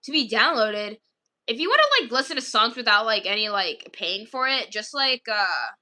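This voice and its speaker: A woman's voice: on the high side, expressive, normal speed, sharp tone. A woman chatting casually with her viewers, rambling through stories with lots of fillers and frequent giggles. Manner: rambling, filler-heavy storytelling. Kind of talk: casual chat.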